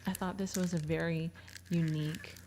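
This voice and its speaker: A woman's voice: on the low side, fairly even intonation, moderate pace, heavy background noise. A woman chatting casually and gushing as she reviews slime. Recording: slime crinkling and clicking sounds.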